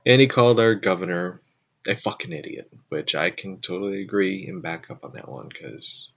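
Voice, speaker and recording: A man's voice: low voice, fairly bright tone, muffled recording. A man hosting his own show, telling a rambling story in a casual way and correcting himself as he goes. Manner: rambling, self-correcting, frequent asides. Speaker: show host.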